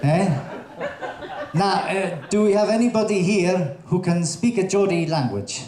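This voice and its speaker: A man doing a stand-up comedy set on a theatre stage, telling jokes in a hesitant, halting way with many fillers. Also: high voice, a crowd in the background. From Russian parents, raised in Colombia. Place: theatre stage before a live audience. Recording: echoey theatre with audience ambience.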